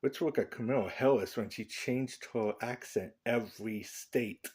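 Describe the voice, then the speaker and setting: A man's voice: medium pitch, normal speed, a little mellow, a little hiss or hum. A man vlogging a casual, rambling opinion rant, joking and laughing at his own lines.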